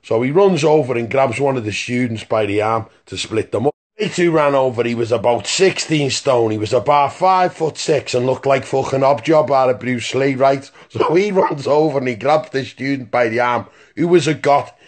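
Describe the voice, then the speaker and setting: A man's voice: mid-range voice, normal speed, few pauses. A man telling a rambling, profane story in a phone voice message, stopping often to ask "right?". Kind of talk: casual voice-note anecdote.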